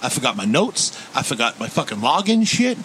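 A man co-hosting a podcast, joking loudly and crudely with a congested, stuffy nose. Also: big pitch swings, brisk, slight background noise, low-quality recording. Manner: loud, profane and joking, with big swoops up in pitch. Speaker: podcast co-host. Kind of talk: crude casual podcast banter.

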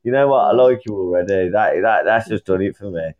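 English man, lowish voice, boisterous sweary caller, muffled phone-in sound. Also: fairly quick. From England. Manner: profane, joking, boisterous. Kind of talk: casual chat.

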